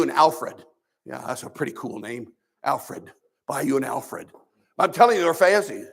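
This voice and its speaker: A man's voice: mid-range voice, very animated, moderate pace, creaky, breathy edge. A man, a pastor, teaching a Sunday school sermon in a preachy, conversational way with sarcastic asides.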